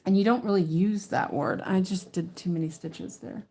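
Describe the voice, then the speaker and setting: A woman's voice: lowish voice, moderate pace, mellow. A woman chatting casually at home as she stitches, rambling with many fillers and restarts and muttering to herself as she checks her work. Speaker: cross-stitch vlogger. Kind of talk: casual chat while stitching.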